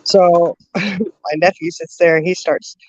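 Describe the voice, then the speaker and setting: A woman hosting a casual chat, telling a long story with lots of fillers and laughter. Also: fairly low pitch. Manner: lively, laughing, drawn-out storyteller with many fillers. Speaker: host. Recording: dull lo-fi dry sound.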